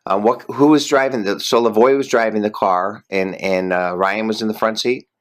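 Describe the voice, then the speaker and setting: A man asks an eyewitness careful questions over the phone. His voice sits very low. He hesitates often and fills his pauses with "um" and "uh". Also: steady tone. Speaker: interviewer. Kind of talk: phone interview.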